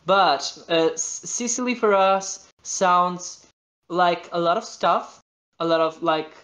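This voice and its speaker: A man's voice: sits high, slow pace, fairly bright tone. A man from Italy with an Italian accent, whose first language is Italian, chatting as a voice-actor guest in an interview and often restarting as he hunts for words in English. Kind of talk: casual interview chat.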